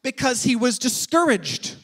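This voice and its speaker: A male preacher giving a sermon, telling stories in an animated way and asking rhetorical questions. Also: extremely high pitch, a little slow, in a large hall.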